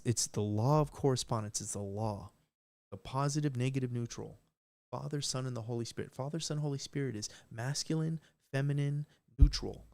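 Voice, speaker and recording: A man's voice: medium pitch, darkish tone. Brief: male streamer, unscripted rant, profane, repeats himself, pushes hard on key words, mid-range voice. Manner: profane, rambling, emphatic with repeated restarts. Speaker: livestream host.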